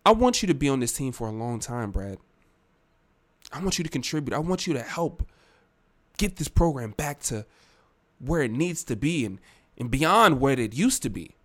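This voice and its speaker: A man's voice: medium pitch, expressive, normal speed, long pauses, lightly acted. A man voicing a male team owner who earnestly pleads with and makes promises to his star player.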